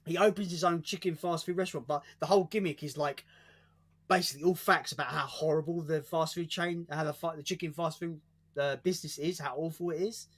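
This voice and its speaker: This co-host is a British man whose voice runs on the high side, steady and fairly bright, moving a little fast. Chatting casually on a stream, he curses freely, trips over and repeats his words, and breaks into laughter mid-story.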